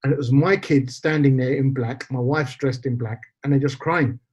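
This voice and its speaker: A man's voice: medium pitch, steady tone, moderate pace, a little mellow. A man, telling a personal story as a podcast guest, acting out quoted dialogue and slipping in Punjabi phrases. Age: 40s. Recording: slightly dull lo-fi podcast audio.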